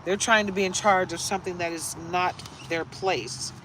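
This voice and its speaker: A woman's voice: fairly low pitch, steady tone, moderate pace, fairly bright tone. A chatty woman running a casual tarot reading who drifts into rambling stories. She laughs easily, and faint traffic noise hums in the background. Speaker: tarot reader. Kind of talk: casual live reading chat.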